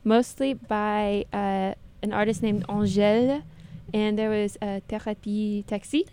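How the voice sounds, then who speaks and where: A woman's voice: medium pitch, fairly even intonation, unhurried, warm tone, slight background noise. A young woman with an American accent hosting a casual radio interview, bubbly and chatty, with many "like"s. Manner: bubbly, chatty, says "like" often. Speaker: radio host.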